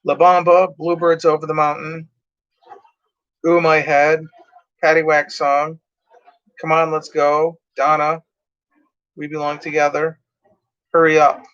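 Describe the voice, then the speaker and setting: A man's voice: a little high, completely flat delivery, slow pace, long pauses, fairly bright tone, clear, resonant tone, dull audio. A tired, yawning man rambling casually as he reads out track lists from his cassette tapes. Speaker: music collector reviewing cassette tapes.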